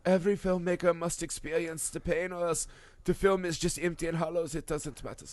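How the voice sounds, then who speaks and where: A man putting on the voice of a solemn film director, speaking in a slow, hushed, philosophical way. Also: on the high side, fairly even intonation, no echo, close to an everyday voice. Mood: brooding. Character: solemn German film director, brooding and grave.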